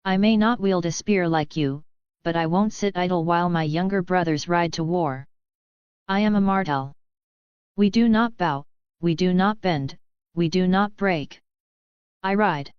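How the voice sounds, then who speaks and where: A woman reading the lines of a proud, defiant older male prince in a smooth, low voice. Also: measured pace, long pauses, no echo, dull audio, lightly acted.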